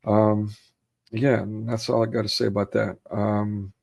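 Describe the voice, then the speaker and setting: A man's voice: fairly low pitch, level tone, a little slow, vocal fry, a little mellow. A man in casual chat about his favorite movies. He rambles with fillers and acts out quotes in raised voices. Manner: rambling, with many fillers and restarts. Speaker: co-host of a film chat.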